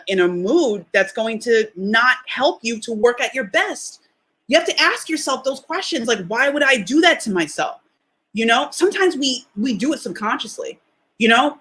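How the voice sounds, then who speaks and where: A woman's voice: a little high, animated, moderate pace, fairly bright tone. A young adult woman hosting a solo motivational podcast, talking in a chatty, emphatic way full of rhetorical questions. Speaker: podcast host.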